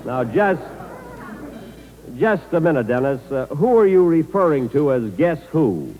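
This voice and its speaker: A man's voice: fairly high pitch, very animated, unhurried, phone-quality sound. A man hosting a 1940s radio comedy, hesitant and exasperated, full of "uh"s, heard on an old broadcast from a hall. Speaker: comedian host. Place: live show before troops in a hall.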